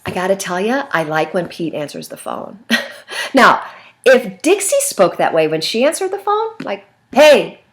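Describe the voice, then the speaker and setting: A woman teaching a communication class in a recorded video lecture, expressive and talking with her hands, acting out everyday conversations. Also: mid-range voice, moderate pace. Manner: acts out phone calls in lively voices. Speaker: communication instructor.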